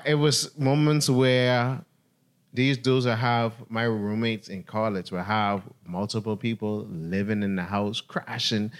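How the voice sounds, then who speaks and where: A young Bahamian man with a Bahamian accent co-hosting a podcast, chatting casually and telling loose stories full of fillers and laughs. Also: mid-range voice. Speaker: podcast co-host. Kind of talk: casual chat.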